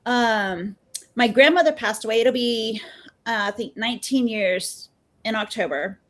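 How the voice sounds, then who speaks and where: Therapist lady in her 50s on a podcast, kinda high voice, chatty, acts out her stories. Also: unhurried. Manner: chatty and animated, acts out quoted dialogue. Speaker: podcast guest, mental health therapist. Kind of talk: casual storytelling in a podcast interview.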